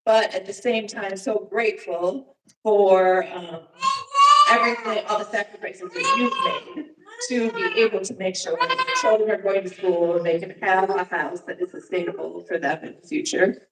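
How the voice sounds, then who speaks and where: Heard from some distance, a woman with a mid-pitched, lively voice presents slides at a church service. Her speech is informal and halting, full of fillers. The big sanctuary gives a reverberant echo, and the background is noisy.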